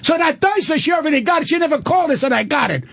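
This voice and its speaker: An older man, a comedian guest in a radio studio, ranting loudly and profanely and acting out the people in his stories. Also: extremely high pitch, expressive, gravelly. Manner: loud, profane, rapid-fire storytelling with acted-out quotes. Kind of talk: angry radio rant and storytelling.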